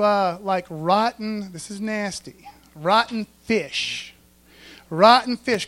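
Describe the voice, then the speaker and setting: High-voiced folksy preacher. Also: male voice. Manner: folksy, animated, asks the congregation often. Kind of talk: sermon. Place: church.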